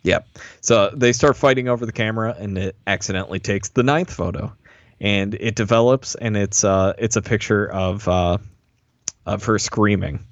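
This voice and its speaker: A man recapping an episode in casual chat, relaxed and laughing often, mildly critical. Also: fairly low pitch, moderate pace, dry recording, lo-fi sound. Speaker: podcast co-host recapping an episode.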